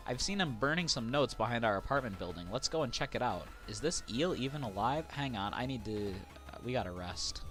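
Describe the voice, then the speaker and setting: A man's voice: mid-range voice, animated, fairly quick, few pauses, a bit bright, faint music behind. A man streaming a video game live, reading the on-screen text aloud between casual asides to his viewers. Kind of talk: live gameplay commentary.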